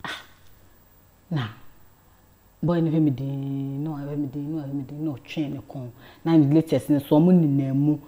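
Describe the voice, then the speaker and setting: Female guest storyteller, deep and warm, animated. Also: normal speed, pauses often. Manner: animated storyteller, drops to a hush for quoted lines. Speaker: talk show guest. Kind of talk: storytelling in a talk show interview.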